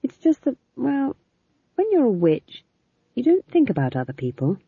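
A woman's voice: on the high side, wildly swooping pitch, moderate pace, husky, no room sound, pitched above the performer's own voice, exaggerated voice. A woman voicing a shy young witch who speaks hesitantly and earnestly. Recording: tinny phone-like sound.

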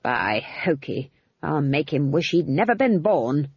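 Woman reader as an outraged elderly witch, slow husky delivery, dull dry recording. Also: sits low, sing-song, dry recording, exaggerated voice. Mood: indignant. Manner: indignant shouting, drawn-out outbursts. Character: fierce proud old witch woman, easily outraged. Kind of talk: audiobook character voice.

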